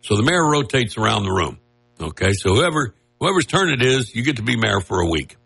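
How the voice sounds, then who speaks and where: A man with a lowish, husky voice, a fairly bright tone, and vocal fry talks a little fast and very animatedly. He hosts a casual political commentary monologue, mocking and wisecracking, laughing at his own jokes. His manner is loose and rambling, full of restarts and asides.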